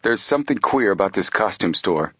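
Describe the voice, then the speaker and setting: A man's voice: fairly low pitch, animated, a little fast, sharp tone, husky, dry recording, soft background music, full character voice. A man voicing an earnest, level-headed teenage boy detective in an audiobook. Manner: earnest, reasoning.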